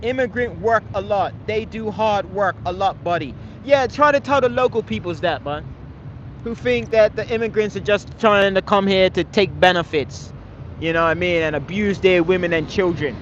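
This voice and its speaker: A man's voice: sits high, moderate pace, lo-fi sound, a little hiss or hum. A man on a live stream arguing with his chat, confrontational and scolding, swearing often and tagging his lines with "man". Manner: repeats phrases, tags lines with "man". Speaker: livestreamer answering chat.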